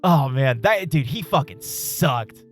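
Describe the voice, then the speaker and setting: A man streaming a game and telling a story in a casual, animated way, swearing and laughing often. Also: fairly high pitch, slow pace, faint music behind. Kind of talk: casual live-stream chat while gaming.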